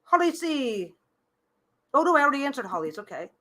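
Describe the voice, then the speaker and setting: A woman's voice: high-pitched, very animated, fairly quick, sharp tone. A woman reading tarot cards on a casual live stream. She gives chatty, reassuring advice, often restarting and repeating her phrases.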